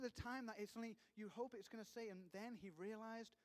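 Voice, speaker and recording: Guy preaching, high voice, chatty storytelling way of retelling the bible, big echoey hall. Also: fast talker, hardly any pauses. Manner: conversational storytelling, retelling scripture in his own words. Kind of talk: sermon.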